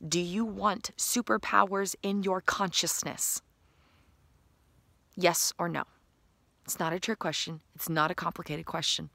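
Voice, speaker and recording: A woman's voice: on the low side, bright, forceful tone, dry recording. A woman giving an enthusiastic, playful motivational talk to camera as a self-help vlogger. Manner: enthusiastic, breathy and playful, laughing often.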